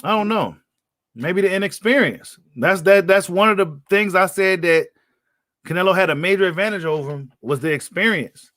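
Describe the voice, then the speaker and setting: He hosts a laid-back live stream on boxing and speaks in a blunt, slangy style, often going back over the same points. The voice is high-pitched and expressive at a normal speed, slightly bright, recorded in a clean studio with no room sound.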